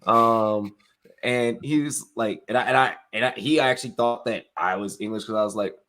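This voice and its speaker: A man's voice: mid-range voice, normal speed, bright, forceful tone. A young man co-hosting a podcast, telling a story in casual, profane chat with frequent laughs. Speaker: podcast co-host.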